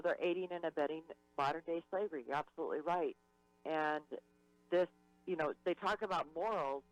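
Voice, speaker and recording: A man's voice: a little high, low-quality recording. A man talking as a radio guest, earnest and emphatic. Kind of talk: talk radio discussion.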